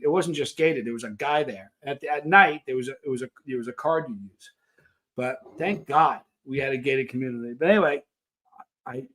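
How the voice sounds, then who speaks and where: A man's voice: fairly high pitch, fairly bright tone. A middle-aged man hosting a live stream, telling long personal stories in a casual, rambling way with frequent restarts. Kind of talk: casual storytelling to a live chat.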